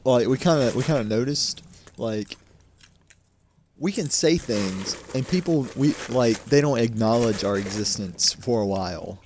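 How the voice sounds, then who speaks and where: A man's voice: mid-range voice, animated, a little slow, a little mellow, a little hiss or hum. A young man co-hosting a casual podcast, telling a school story in a rambling way, repeating words and laughing often. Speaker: podcast co-host. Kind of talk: casual chat.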